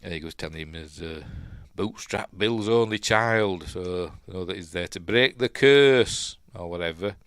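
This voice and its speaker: A man's voice: sits low, normal speed, few pauses, a bit bright, smooth, dry recording, clean studio sound. A man with a Yorkshire accent giving casual, rambling commentary on a film as he watches, chatty and prone to tangents. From Yorkshire, England. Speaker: film reviewer, channel host.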